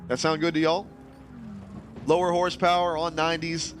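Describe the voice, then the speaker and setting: A man's voice: a little high, little pitch movement, moderate pace, faint music behind. A tired man casually chatting as a game streamer, reading viewers' comments aloud. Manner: laid-back, chatty, reads chat aloud. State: tired, yawning. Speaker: streamer hosting a racing game community. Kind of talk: casual live-stream chat.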